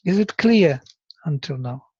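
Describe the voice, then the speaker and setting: Slow, husky male lecturer. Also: on the high side, expressive, dark tone, no room sound. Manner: slow, deliberate explaining with chanted examples. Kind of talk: university lecture. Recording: dull, lo-fi lecture recording.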